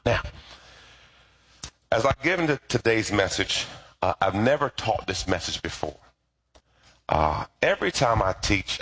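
A middle-aged pastor preaching a lively, conversational sermon with call-and-response. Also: male voice, low voice.

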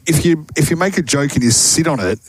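Male co-host, bit higher voice, bouncy and jokey, faint background noise. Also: lively intonation, fast. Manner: jokey, playful teasing. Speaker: radio co-host. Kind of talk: casual radio banter.

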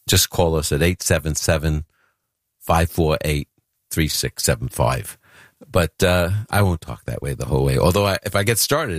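A man from Brooklyn hosting a call-in radio program in a loose, chatty way, with a few restarts. His voice sits extremely low and sounds dry and close. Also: no echo. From Brooklyn, New York. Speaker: radio host taking calls. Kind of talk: casual call-in radio talk.

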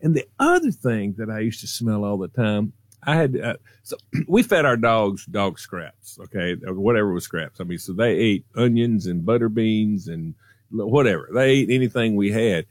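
Brief: lively radio storyteller man, mid pitch, swings a lot, dry close mic. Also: moderate pace, dry recording. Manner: animated, acts out voices. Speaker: radio show regular. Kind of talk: casual storytelling.

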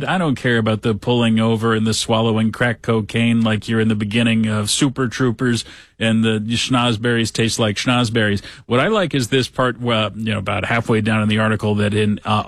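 A man hosting a talk show, reading a news story aloud with sarcastic asides and lively quoting. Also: medium pitch, no room sound. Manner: sarcastic, animated when quoting others. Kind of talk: casual commentary reading news.

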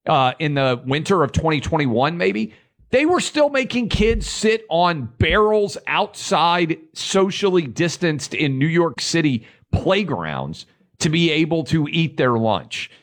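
A man's voice: fairly high pitch, sing-song, a little slow. A man co-hosting a political talk show, emphatic as he reads out quotes and argues. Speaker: radio co-host.

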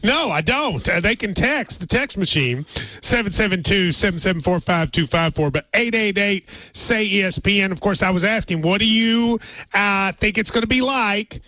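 Lively high-voiced sports radio host. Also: male voice, no room sound. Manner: chatty, laughs easily, quick asides. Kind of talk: casual radio call-in chat.

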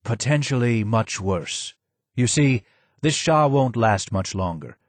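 A man voicing a bitter, ailing old Persian man who speaks hoarsely and forcefully. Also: mid-range voice, animated, slow pace, no echo.

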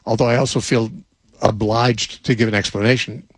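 An older man, a Bible teacher, answering a question in thoughtful unscripted talk with frequent restarts and a slightly husky voice. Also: medium pitch, steady tone, moderate pace, dry recording, poor audio.

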